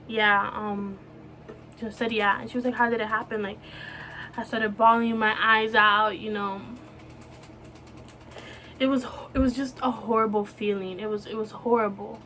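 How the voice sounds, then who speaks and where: A young woman telling a personal story on her vlog, emotional and halting, with many restarts and filler words. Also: on the high side, fairly bright tone, slight background noise. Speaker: vlogger.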